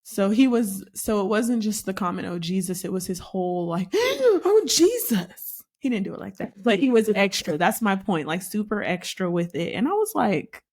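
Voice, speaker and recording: A young adult woman co-hosting a casual chat about marriage, telling a story and acting out the quotes with lively emphasis. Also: medium pitch, normal speed, hardly any pauses. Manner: animated storytelling, acts out quotes. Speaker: podcast co-host.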